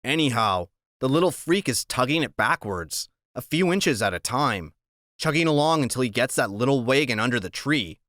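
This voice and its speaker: A man's voice: medium pitch, lively intonation, moderate pace, fairly bright tone, dry recording, studio quality. A man narrating an audiobook in the first person, with a casual, plain-spoken storytelling manner.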